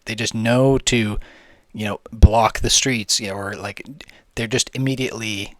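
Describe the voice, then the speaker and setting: A man's voice: fairly low pitch, steady tone, measured pace, few pauses, a bit bright, dry recording. A young man giving casual, rambling gameplay commentary, slangy, jokey and swearing freely. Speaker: gaming video host.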